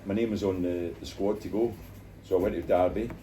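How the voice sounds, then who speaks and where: Deep-voiced older Scottish man in a bar. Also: brisk. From Scotland. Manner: animated anecdotes, acts out quoted voices. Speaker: former footballer guest. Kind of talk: storytelling interview in a bar. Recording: distant mic, noisy bar.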